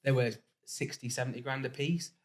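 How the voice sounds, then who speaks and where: Man, interview host, quick delivery, agreeable, chips in often, casual chat. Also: medium pitch. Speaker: managing director, interviewer.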